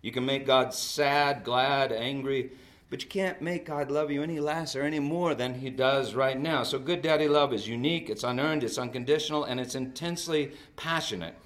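A man in his fifties preaching a sermon and telling stories, swinging between loud outbursts and soft drops. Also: mid-range voice, normal speed. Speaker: pastor.

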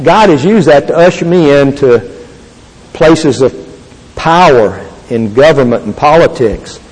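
A man's voice: on the high side, a little mellow. Earnest older man in a reverberant hall. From Texas. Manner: earnest, halting, with restarts. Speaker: speaker giving a testimony. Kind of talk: Christian testimony talk. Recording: long reverb of a large hall.

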